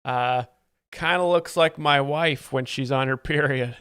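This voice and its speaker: A man's voice: medium pitch, measured pace, fairly bright tone, clean tone, dry recording, clean studio sound. A young man hosting a comedy live stream, explaining jokes in an ironic, fake-earnest, rambling way. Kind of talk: mock-expert comedy commentary.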